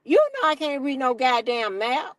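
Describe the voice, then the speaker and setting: A middle-aged woman, telling a story as an animated, profane, exasperated rant on her stream. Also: sits high, moderate pace, no echo, rough recording.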